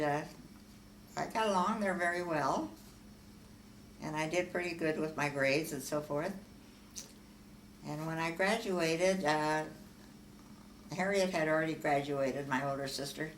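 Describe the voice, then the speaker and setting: An older woman from Omaha, Nebraska, unhurriedly recounting her life story in an oral history interview, with frequent fillers and soft laughs. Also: deep voice. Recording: echoey room, far from mic, faint hiss.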